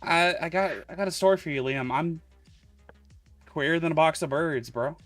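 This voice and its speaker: A woman's voice: low voice, normal speed, no echo, soft background music. A trans woman streamer chatting casually with friends, joking and rambling with lots of fillers. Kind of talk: casual group chat.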